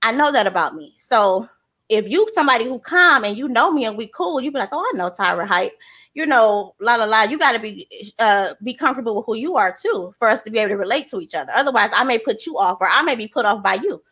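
An energetic woman talks in a casual chat, high-pitched and emphatic. Her voice is bright and lively, and she keeps repeating her points to drive them home. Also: fast, breathy edge. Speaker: transparency coach.

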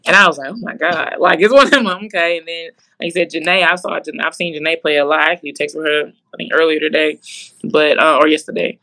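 Gravelly bright-voiced woman coach, laid-back. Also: low voice, fairly even intonation, fast talker, poor audio. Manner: laid-back, chatty, acts out quoted players. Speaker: assistant basketball coach, guest. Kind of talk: casual interview chat.

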